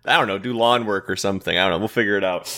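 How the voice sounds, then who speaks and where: Giggly, halting male podcast co-host. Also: fairly low pitch, pushed and bright. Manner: giggly, hesitant with fillers. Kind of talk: casual podcast chat.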